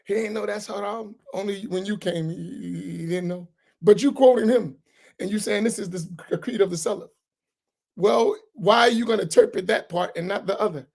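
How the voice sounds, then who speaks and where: A man's voice: high voice, moderate pace, vocal fry, darkish tone. A man, an imam, teaching a religious class in a heated, sarcastic way full of rhetorical questions. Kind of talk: heated religious lesson, argumentative.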